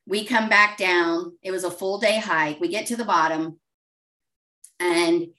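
A woman's voice: lowish voice, steady tone, unhurried, sharp tone, recorded from a distance. Emotional woman telling her story. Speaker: coaching client. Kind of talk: testimonial interview.

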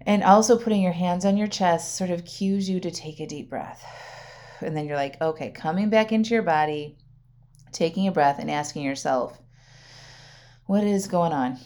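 A middle-aged woman with a fairly low, darkish voice hosts a casual solo podcast as a wellness coach, speaking at normal speed. She's chatty, often checks in with "right?" and laughs along the way.

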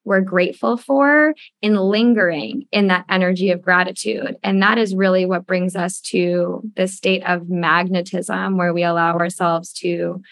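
A woman's voice: medium pitch, no room sound. Effusive young woman podcast host. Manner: effusive, frequent "like" and swearing. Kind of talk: casual podcast conversation.

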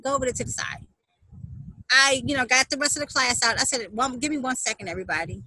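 A woman's voice: high voice, sharp tone, dry recording, poor audio. A woman dog trainer telling a story as an interview guest, emphatic and acting out what people said. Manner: emphatic, re-enacts quotes with rising intensity.

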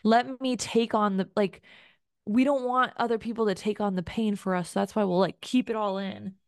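A woman's voice: mid-range voice, fairly even intonation, moderate pace, clear, resonant tone, no room sound. Earnest woman podcast host, dry close sound. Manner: earnest, emotive, rambling with many "like"s. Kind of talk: solo podcast monologue.

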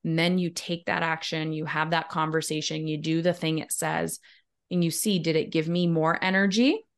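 A candid woman coach talks in a slightly low voice, blunt and unguarded. She tells stories with lively energy and voices the people in them as she goes. Her style is a loose, casual interview chat. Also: moderate pace. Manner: candid, blunt, swears freely; animated storyteller acting out clients' replies. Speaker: leadership coach, podcast guest.

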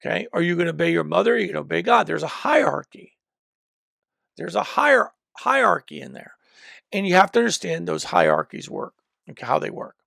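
A man's voice: on the high side, sing-song, a little fast, vocal fry, pushed and bright, no echo, clean studio sound. A man preaching a teaching sermon, emphatic, often repeating and restarting phrases as he works through a point. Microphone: microphone.

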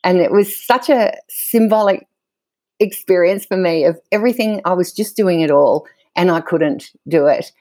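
A woman's voice: fairly low pitch, normal speed, a little mellow, dry recording. Woman telling stories, laughing often. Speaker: guest. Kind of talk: candid conversational storytelling.

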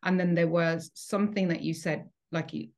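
A low-voiced woman speaks as a hypnotherapist guest on a podcast. She explains things carefully and thinks aloud, going back over her words as she goes. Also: fairly even intonation, normal speed. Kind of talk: reflective conversational podcast chat.

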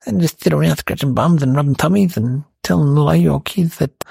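A man playing a cheeky, indignant eight-year-old boy, telling a rambling comic story in a gravelly voice. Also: fairly high pitch, fast talker, a little mellow, dry recording, full character voice. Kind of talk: comic character monologue.

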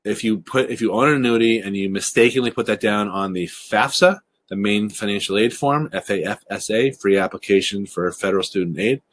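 A man presenting a recorded webinar, talking quickly and explaining things briskly. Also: on the low side. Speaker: webinar presenter on college financial aid.

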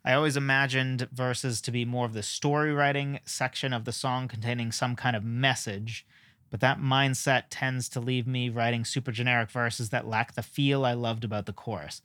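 A man's voice: mid-range voice, little pitch movement, moderate pace, fairly bright tone, no echo. Guy rambling on his podcast, lots of uhs, mid voice, dead dry mic. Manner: rambling, self-deprecating, frequent fillers. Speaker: podcast host. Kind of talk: casual solo podcast talk.

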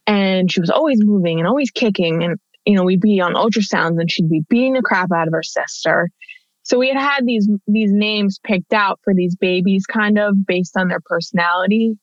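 A woman in her thirties, appearing as an interview guest, tells a personal story in a chatty, conversational way, full of fillers and restarts. Her voice sits at a medium pitch and moves at a moderate pace. The recording is dry, dull, and lo-fi.

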